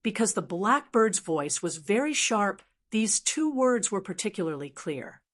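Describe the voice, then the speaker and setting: A woman reads a fantasy audiobook in a very slow, measured way. Her voice sits at a middle pitch and keeps an even storytelling tone. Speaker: audiobook narrator. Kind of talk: scripted narration.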